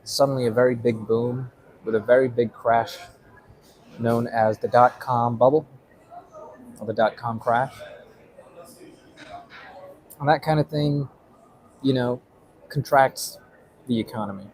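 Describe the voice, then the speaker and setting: A man's voice: medium pitch, fairly even intonation, measured pace, pauses often, a little mellow, poor audio. Rambling man talking economics. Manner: rambling, filler-heavy, tags points with "right?". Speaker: vlogger. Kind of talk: casual explainer monologue.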